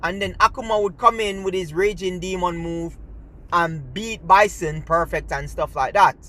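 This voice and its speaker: Animated Jamaican-accented gaming vlogger. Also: moderate pace. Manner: animated storyteller, jumps higher when quoting friends. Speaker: gaming channel host. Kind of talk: casual reminiscing monologue.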